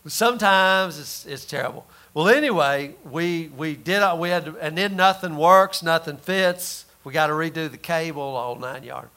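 A man preaching a sermon, telling folksy stories and rising to loud emphasis. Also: a little high, normal speed, few pauses. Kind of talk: sermon with personal story.

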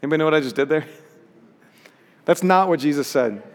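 A man's voice: on the high side, animated, fast talker, big-room sound. A pastor preaching a sermon in an earnest way, rising to emphatic peaks as he reads scripture.

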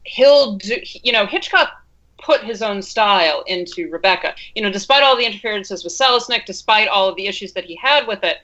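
A woman's voice: medium pitch, animated, fairly quick, sharp tone. A woman co-hosting a casual film podcast, talking things through with many restarts. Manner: thoughtful, talks in restarts. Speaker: podcast co-host. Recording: dull lo-fi sound.

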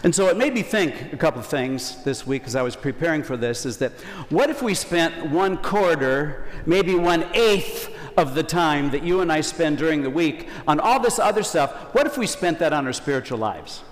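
A man's voice: fairly high pitch, expressive, normal speed, big-room sound, slight background noise. A man preaching a Sunday homily as a priest in a conversational, folksy way, acting out quotes.

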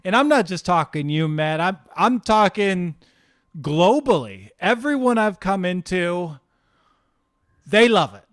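A man's voice: sits high, animated, measured pace, a bit bright, no room sound. A man co-hosting a comedy podcast, ranting in an emphatic, exasperated and profane way into a studio mic. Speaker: podcast co-host.

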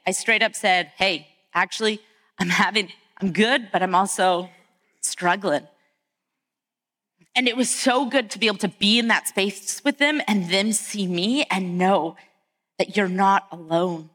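A woman's voice: fairly low pitch, bright, forceful tone. A middle-aged woman pastor giving a conversational sermon, telling family stories and acting out the voices of the people in them. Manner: storytelling, acts out quoted family voices.

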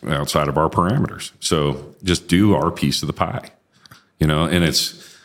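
A man co-hosting a casual discussion, telling stories about his own experience and giving quoted people animated voices. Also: extremely low pitch, moderate pace. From military background.

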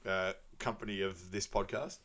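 A man's voice: low voice, steady tone, moderate pace, a bit bright. A man co-hosting a podcast, chatting casually and rambling through a film recap with lots of fillers. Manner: rambling, many fillers, laughs often. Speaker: podcast co-host.

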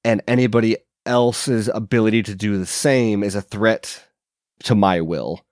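Man, lowish voice, thinks out loud, repeats himself, dry recording. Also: measured pace, dry recording. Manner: thinks aloud, repeats and restarts. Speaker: podcast co-host. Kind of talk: casual film discussion.

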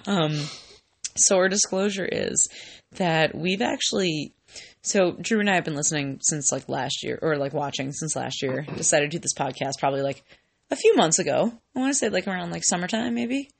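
Giggly tipsy woman with a gravelly voice. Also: sits low, moderate pace. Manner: rambling, giggly, lots of "like". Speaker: podcast co-host. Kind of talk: casual chat.

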